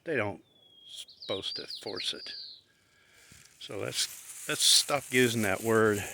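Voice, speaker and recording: Gravelly low-voiced middle-aged man vlogging. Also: slow, heavy background noise. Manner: opinionated, rambling, plain-spoken. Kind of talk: casual rambling vlog monologue. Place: outdoors, walking his dog.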